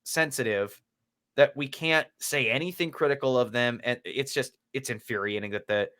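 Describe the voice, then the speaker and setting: A man co-hosting a casual hockey podcast, talking fast and loose, swearing freely and acting out other people's lines. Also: medium pitch, clean tone. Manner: animated, swears freely, acts out quotes. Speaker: podcast co-host. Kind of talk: casual sports chat.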